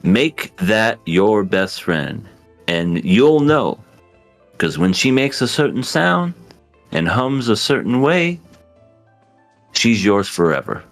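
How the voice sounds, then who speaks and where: A man co-hosting a casual podcast, telling crude, drawn-out stories and laughing often. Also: lowish voice, big pitch swings, faint music behind. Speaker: podcast co-host.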